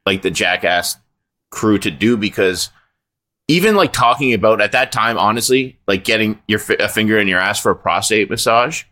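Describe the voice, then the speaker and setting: A man with a lowish voice and a bright, forceful tone, talking in a casual podcast. He is emphatic and pushes his opinions hard, cutting in to disagree. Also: expressive, normal speed. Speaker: podcast co-host. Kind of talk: casual chat reacting to a show.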